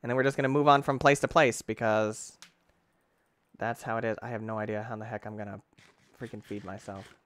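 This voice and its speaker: A man giving excitable, rambling commentary on his gameplay, talking to himself and breaking into sudden shouts. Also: fairly quick. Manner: excitable, with sudden shouts and big pitch jumps. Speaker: gaming channel host. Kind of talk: let's-play gameplay commentary.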